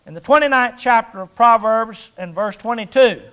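Older guy preaching, really high voice, chatty and folksy, asks the crowd questions. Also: normal speed, a bit bright. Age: 60s. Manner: folksy, conversational, jokes and rhetorical questions. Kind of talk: sermon.

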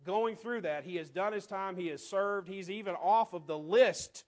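A man preaching a sermon in a conversational way, asking the congregation rhetorical questions and often dropping to quiet asides. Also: high-pitched, normal speed, hardly any pauses.

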